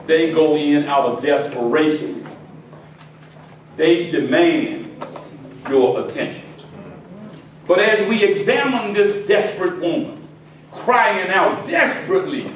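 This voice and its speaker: A pastor preaching a sermon to his congregation, swinging between quiet asides and shouted climaxes. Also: fairly high pitch, animated, slow, long pauses, a little hiss or hum. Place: church sanctuary with congregation. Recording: very echoey church hall from far off with congregation. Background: congregation responding and laughing.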